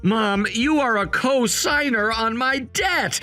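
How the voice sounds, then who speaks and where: A man's voice: very high-pitched, takes it slowly, bright, forceful tone, faint music behind, full character voice. A man voicing a calculating grown son who talks in a firm, matter-of-fact way, in a voiced story drama. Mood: cold.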